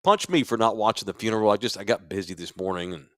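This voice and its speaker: A man's voice: on the low side, animated, quick pace, a bit bright, no echo. A middle-aged man from Texas co-hosting a casual podcast from a sports bar studio, telling loose, rambling stories. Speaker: podcast co-host.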